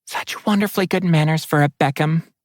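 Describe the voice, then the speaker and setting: A man's voice: a little high, a little fast, dry recording, studio quality, pitched above the performer's own voice, lightly acted. A man voicing a bubbly, gossipy female water spirit in an audiobook, chattering and gushing. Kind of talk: audiobook character voice.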